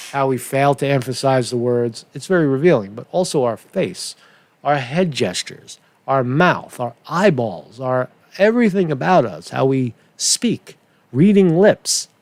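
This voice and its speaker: A man's voice: medium pitch, darkish tone, no room sound. A man hosting a casual political commentary show, rambling and profane with many restarts.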